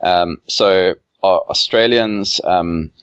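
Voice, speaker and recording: A man's voice: low voice, takes it slowly, smooth, dry recording. A man, a game developer guest, chatting casually on a podcast, rambling with many fillers. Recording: dull lo-fi remote audio.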